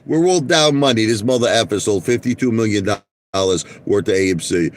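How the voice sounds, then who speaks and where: A man's voice: low voice, lively intonation, brisk, a little hiss or hum. A man ranting casually to his viewers, swearing often and laughing at his own jokes. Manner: profane, laughing, acts out quotes in a raised voice. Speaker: vlogger. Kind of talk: casual rant to camera.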